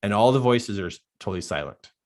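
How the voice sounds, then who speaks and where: A man giving a live coaching talk, telling a personal story in an earnest way, dropping to a hushed voice at dark moments and growing animated in others. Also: lowish voice, fast.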